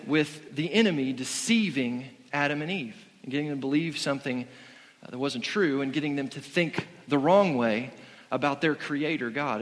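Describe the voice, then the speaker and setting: A man's voice: fairly high pitch, fairly bright tone, in a large hall. A man preaching a sermon in an earnest, conversational way, often restarting his sentences. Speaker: pastor.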